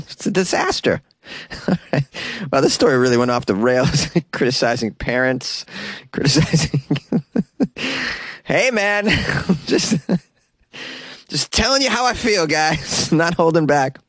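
A man's voice: fairly high pitch, sing-song, slow pace, a bit bright, no echo. Young boston dude doing his podcast from a closet studio, jokey, laughs a lot, dry close sound. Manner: joking, self-deprecating, laughs a lot. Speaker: podcast host. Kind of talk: casual solo podcast chat. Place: small closet home studio.

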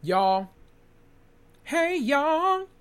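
A man's voice: extremely high pitch, sing-song, extremely slow, fairly bright tone, voice pushed up, exaggerated voice. A man putting on the voice of a chatty, sassy lady who introduces herself. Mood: playful.

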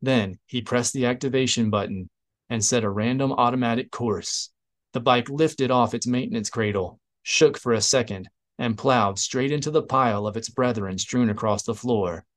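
Reading scripted audiobook narration, a man keeps a steady, even delivery. His voice is mid-range, and his pace is moderate.

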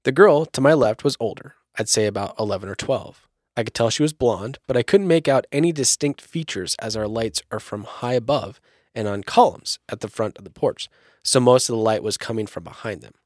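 A man at a middling pitch reads a creepy story aloud to his podcast co-hosts. He narrates in a steady storytelling way and breaks off now and then for a joke. The sound is dry and close. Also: fairly quick, no echo. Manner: storytelling narration with jokey asides. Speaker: podcast host.

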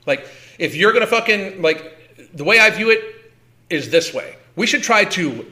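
A man's voice: high voice, lively intonation, moderate pace, pushed and bright. A man reacting to a clip, ranting bluntly and heatedly, swearing a lot and repeating words. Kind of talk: profane ranting commentary.

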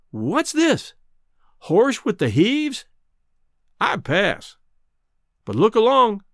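A man voicing a brash, loud cowboy rancher who talks in drawling frontier slang. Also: high voice, vocal fry, dry recording, clean studio sound, full character voice.

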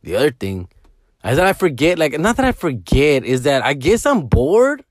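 A man's voice: on the high side, wildly swooping pitch, moderate pace, dry recording. Slangy man telling stories, dry sound. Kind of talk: casual storytelling monologue.

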